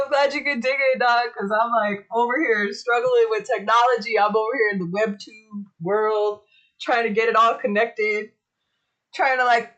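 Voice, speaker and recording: High-voiced, profane woman streamer. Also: fairly bright tone. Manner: profane, chatty, talks to herself while fiddling with tech; sings little ditties under her breath. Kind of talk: casual live-stream chat.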